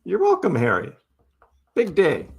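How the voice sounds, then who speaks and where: A man's voice: fairly high pitch, huge pitch swings, measured pace, slight background noise. A middle-aged man hosting a crypto livestream, casually answering viewer chat with wry jokes and frequent laughs. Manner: chatty and wry, laughs often.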